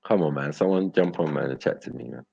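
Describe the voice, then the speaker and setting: This young man runs a live stream, joking around with his chat in slangy street talk, rambling and laughing a lot. He talks fast in an extremely low, husky voice with vocal fry and a slightly mellow quality, recorded dry on dull lo-fi sound.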